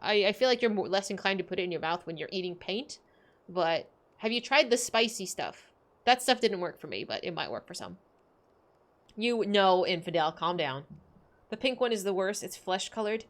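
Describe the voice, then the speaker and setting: Speaking a little fast at medium pitch, an animated woman chats casually with her stream audience as she plays. She rambles, leans on "like" a lot, and voices the game's dialogue aloud.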